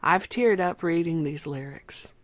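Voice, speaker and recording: A woman reviewing an album, speaking from the heart and close to tears, sometimes dropping to a soft whisper. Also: lowish voice, unhurried, no room sound. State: emotional, near tears. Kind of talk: emotional personal vlog talk.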